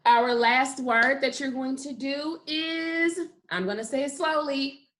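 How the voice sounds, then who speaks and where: Her voice sits high and a bit bright as she leads little kids through phonics. This kindergarten teacher goes slowly, encouraging them and drawing out the sounds of each word.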